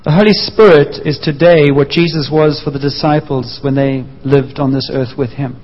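A man preaching a sermon, telling a story with lively acted-out voices. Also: a little high, moderate pace. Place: church hall. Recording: dull sound with long hall reverb.

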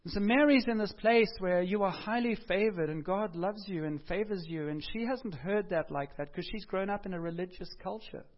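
Man preaching, fairly high voice, chatty and animated, muffled lo-fi recording. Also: moderate pace, hardly any pauses. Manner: conversational, animated, rises for emphasis and drops softly for quoted words. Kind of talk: sermon. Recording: dull lo-fi sound.

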